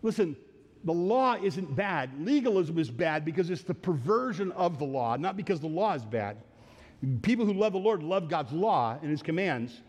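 A slightly high-voiced man preaches an earnest sermon, repeating himself and circling back to restart his sentences. His voice trails off into the long reverb of a large hall. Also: very animated, moderate pace. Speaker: pastor. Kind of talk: sermon teaching through a psalm.

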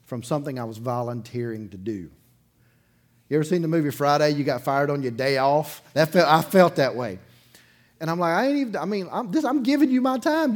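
Speaking at a medium pitch, a man leads his church's sermon as its pastor, addressing the congregation in the sanctuary. His storytelling is casual and talky, punctuated by chuckles, with swings between loud bursts and soft side remarks.

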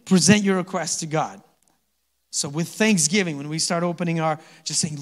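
A man preaching a sermon as pastor, conversational and quick to chuckle, often asking the congregation to answer back. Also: fairly high pitch, steady tone, long reverb tail. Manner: conversational, asks the congregation to respond; chuckles often between points. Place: church sanctuary.

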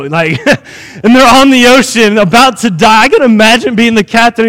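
A man preaching a sermon in an animated way, acting out the scenes he tells. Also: extremely high pitch, moderate pace, in a large hall.

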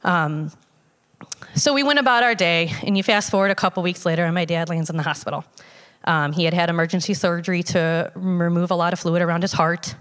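Lower-voiced woman telling a personal story. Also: steady tone, brisk, fairly bright tone, smooth, big-room sound. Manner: conversational with many fillers and restarts. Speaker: storyteller sharing a personal testimony. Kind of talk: casual spoken personal story.

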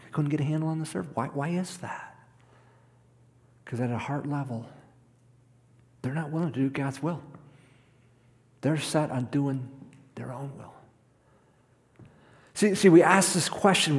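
A man's voice: a little high, a little slow, pauses often. A man preaching a sermon in a conversational way, often repeating words as he goes. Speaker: pastor. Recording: long hall reverb.

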